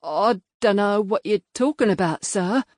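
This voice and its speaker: A woman's voice: mid-range voice, measured pace, a little mellow, dry recording, studio quality, natural voice. A woman voicing a sullen young male farmhand who mumbles evasive answers.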